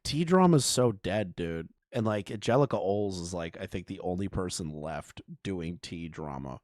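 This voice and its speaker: A man's voice: deep voice, animated, moderate pace, darkish tone, no echo, clean studio sound. A man doing casual live commentary on a clip, crude and mocking, often laughing. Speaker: streamer reacting to a clip.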